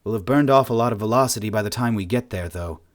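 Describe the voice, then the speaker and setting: A man's voice: fairly low pitch, fast, lightly acted. A man voicing an irritable male alien pilot who growls and delivers grim news in a gloomy, bewildered way.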